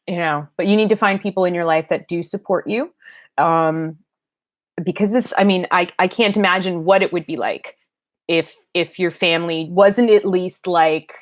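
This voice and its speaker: Halting, rambling middle-aged woman on a livestream. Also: on the low side. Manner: rambling, halting, with many fillers and restarts. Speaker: doll vlogger and parent. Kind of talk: casual livestream chat. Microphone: livestream webcam mic.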